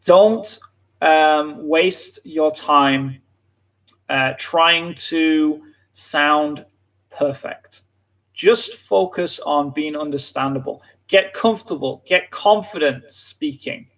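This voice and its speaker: A man's voice: on the high side, slow, fairly bright tone. A man from England, chatting casually on a live lesson and filling his talk with "like". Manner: casual, lots of filler "like". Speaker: English teacher.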